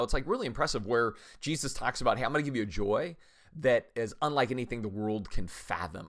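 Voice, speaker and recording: A middle-aged man hosting a faith podcast, talking casually with energetic, animated emphasis. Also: mid-range voice. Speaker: podcast host.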